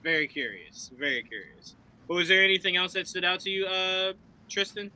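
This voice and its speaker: High, bright-voiced man hosting a stream. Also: brisk, a little hiss or hum, rough recording. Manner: animated, laughing, swears freely. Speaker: host. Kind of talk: casual live-stream chat.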